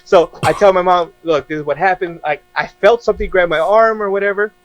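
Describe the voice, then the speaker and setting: A young man telling a story casually as a podcast guest, animated and laughing often as he acts out quoted dialogue. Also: high-pitched, a little fast, dry recording, soft background music.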